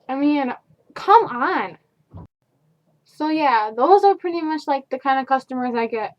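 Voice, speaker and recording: A high-pitched young woman rants casually about her customers. She talks in a sarcastic, exasperated, filler-heavy way, recorded on a dull, lo-fi home video. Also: lively intonation, moderate pace. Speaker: fast food worker. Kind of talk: casual vlog rant.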